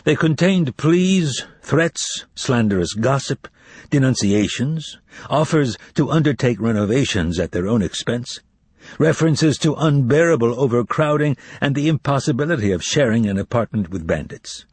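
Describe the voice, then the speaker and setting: A man reading a novel aloud as audiobook narration, in a lively, theatrical manner. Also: mid-range voice, normal speed, husky, no echo. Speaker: audiobook reader.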